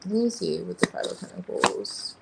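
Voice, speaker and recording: A woman's voice: on the low side, huge pitch swings, moderate pace, vocal fry, very noisy. A woman giving a tarot reading on a livestream, thinking aloud as she turns over cards. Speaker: tarot reader.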